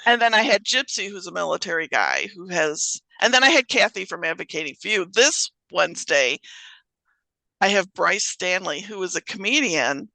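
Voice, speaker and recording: A woman's voice: lowish voice, lively intonation, moderate pace, creaky, pushed and bright, no echo, low-quality recording. A woman hosting her podcast in casual chat, rambling and often restarting her sentences. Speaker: podcast host.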